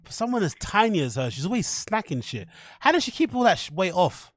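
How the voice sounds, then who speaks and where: A man hosting a podcast, rambling in mocking, profane, animated commentary. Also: high voice, fairly quick, dry recording, clean studio sound. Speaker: podcast host.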